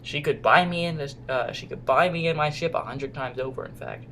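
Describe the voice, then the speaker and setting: A man's voice: fairly high pitch, fairly quick, pushed and bright, slight background noise. A man voicing a cheerful young airship captain in a plain everyday voice while reading a game aloud.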